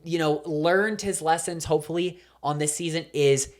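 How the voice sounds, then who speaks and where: A woman's voice: low-pitched, moderate pace, darkish tone. A woman co-hosting a podcast, chatting casually and telling stories animatedly, with lots of "like" fillers. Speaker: podcast co-host. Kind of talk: casual chat.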